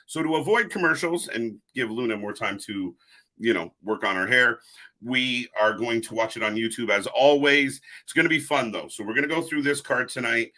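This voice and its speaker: Bright-voiced upbeat stream host. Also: male voice, medium pitch, normal speed. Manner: upbeat, greets chatters by name, reads chat aloud. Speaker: host of a live wrestling watch-along stream. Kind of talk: casual live-stream chat with viewers.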